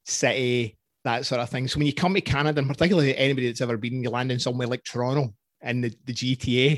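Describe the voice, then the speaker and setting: A man's voice: mid-range voice, steady tone, racing, no room sound. A middle-aged man with a Scottish accent, hosting a casual interview and telling stories with easy laughs. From Scotland. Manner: chatty, laughs easily, storytelling. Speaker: podcast host.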